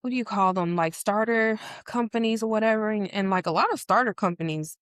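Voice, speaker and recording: A young woman chats on a podcast panel in a loose, animated way, full of "like" and "you know". She sits at mid pitch for a woman. The sound is dry and close, with no room around her. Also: a little fast, clear, resonant tone, no echo. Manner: chatty, many fillers, animated storytelling. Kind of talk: casual podcast chat.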